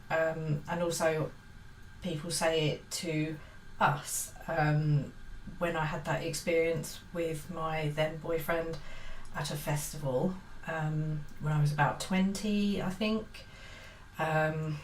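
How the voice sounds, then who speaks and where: A woman's voice: sits low, little pitch movement, takes it slowly, distant mic. A woman giving a casual, earnest book-review monologue, hesitant and full of fillers and restarts. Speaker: book vlogger. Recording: roomy echo, set back from the mic, faint hiss.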